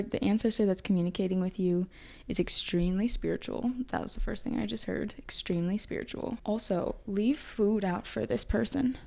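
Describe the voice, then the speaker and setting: A young woman reads tarot cards in a loose, chatty way, thinking aloud as the messages come to her. Her voice is mellow and soft-edged, sitting at a medium pitch. She sounds emotional and intuitive, often stopping to restart a thought. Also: vocal fry. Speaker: tarot reader. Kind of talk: casual tarot reading.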